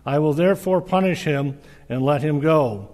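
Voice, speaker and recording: A man's voice: a little high, darkish tone, close to an everyday voice. An uneasy Roman governor, read by a man. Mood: earnest. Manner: measured, earnest reading. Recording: reverberant hall.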